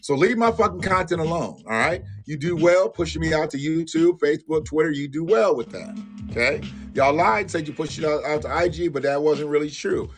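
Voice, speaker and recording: A man's voice: a little high, fairly quick, faint music behind. A man hosting a live-stream commentary show, ranting bluntly and profanely and talking straight to his viewers. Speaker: livestream host.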